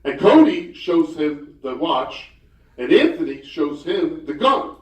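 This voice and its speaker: A man in his sixties doing stand-up storytelling, with chatty, hesitant delivery and deadpan punchlines. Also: on the high side, takes it slowly. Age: 60s. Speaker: comedian at a banquet. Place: banquet hall. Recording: echoey hall, voice far off.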